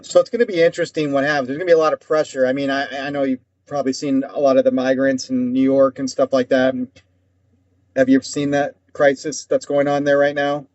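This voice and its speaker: A man's voice: mid-range voice, flat delivery, brisk, a little mellow, dry recording. A man co-hosting a casual talk show, ranting at length and swearing often. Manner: heated, rambling, swears often. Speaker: podcast co-host. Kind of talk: casual conversation. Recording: dull dry lo-fi sound.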